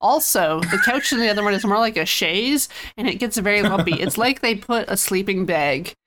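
A woman of middling pitch talks on a casual film podcast. She walks through scenes with a wry, lively delivery and dry little asides. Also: fairly quick, slight background noise. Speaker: podcast co-host.

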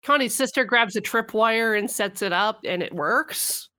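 A woman's voice: a little high, moderate pace, bright, forceful tone. Woman plainly retelling a plot. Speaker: podcast co-host. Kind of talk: casual movie recap chat.

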